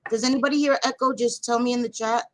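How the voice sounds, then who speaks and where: A woman's voice: on the high side, fairly even intonation, fast talker, fairly bright tone, dry recording. A woman hosting a casual livestream, hyper and profane, greeting viewers with pet names. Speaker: livestream host.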